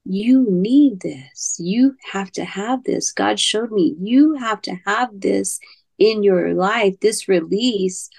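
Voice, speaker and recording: A woman as a podcast guest, telling a personal story in a halting way, repeating words and sometimes dropping to a near-whisper. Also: medium pitch, creaky, a little mellow.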